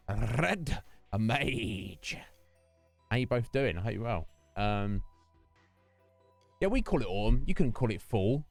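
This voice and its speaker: A British man streaming a game, musing aloud to his viewers in a relaxed, rambling way with plenty of ums and restarts. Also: on the low side, dry recording. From United Kingdom. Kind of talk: casual chat during a game stream.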